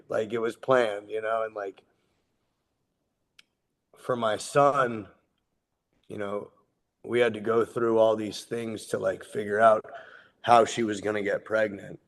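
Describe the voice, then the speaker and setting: A man in his thirties giving a sobriety meeting share, earnest and heartfelt, candid and quick to swear. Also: on the low side, steady tone. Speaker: guest speaker sharing his recovery story.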